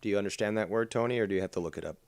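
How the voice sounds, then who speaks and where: A low-pitched man gives mocking, sarcastic commentary on a live stream. He speaks casually and says "dude" often. The sound is dry and close to the mic. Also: rapid-fire, no echo. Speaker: drama commentary streamer host.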